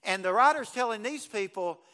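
Pastor, male, high bright voice, folksy conversational sermon delivery. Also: animated, a little fast. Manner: folksy, conversational preaching with repeated restarts.

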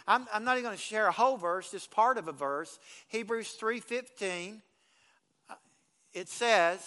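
A man's voice: sits high, expressive, moderate pace, sharp tone. A man pastor delivering a folksy, conversational sermon, often restarting phrases as he speaks.

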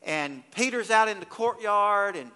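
A man preaching a sermon as pastor, retelling scripture with acted quotes and swinging from hushed to loud. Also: sits high, lively intonation, a little slow, clear, resonant tone. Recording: long hall reverb.

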